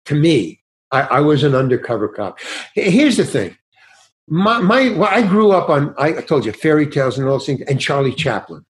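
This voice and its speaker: A man's voice: fairly high pitch, sing-song, moderate pace. An older man, a guest actor in a casual interview, telling rambling anecdotes with many restarts and acting out bits of dialogue.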